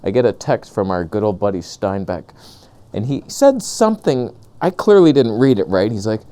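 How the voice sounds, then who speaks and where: A man ranting sarcastically in a comedic vlog, outdoors on a lavalier mic, jumping between high mocking voices and low grumbles. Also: sing-song, normal speed, warm tone. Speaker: camera vlogger.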